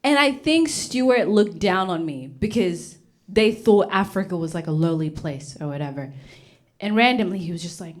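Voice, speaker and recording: Her voice on the low side and her speed normal, a young stand-up comedian from Uganda performs for a live audience. She tells stories with animation, imitates voices, and at times whispers her punchlines.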